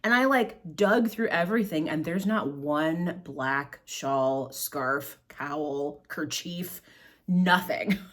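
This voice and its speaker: A woman's voice: low voice, slow, a bit bright. A middle-aged woman hosting her own podcast, chatting in a rambling, self-deprecating way as she tells stories. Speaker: podcast host. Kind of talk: casual chat. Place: at home, in front of bags of yarn.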